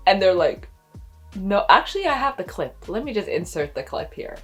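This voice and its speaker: A woman's voice: medium pitch, big pitch swings, husky, faint music behind. A young woman, a stay-at-home mom, telling a story to her camera in a casual, emotional way, holding back tears. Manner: emotional, talks slowly, near tears. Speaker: vlogger, expecting mother.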